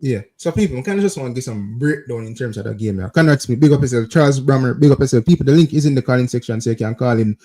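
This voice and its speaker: A man's voice: mid-range voice, expressive, racing, few pauses, dark tone. Jamaican guy hosting a footy call-in, keeps saying look at this, pushy and repetitive. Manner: repetitive, insistent, keeps addressing viewers as people. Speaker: host of a football call-in show. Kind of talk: football tactics breakdown over game footage.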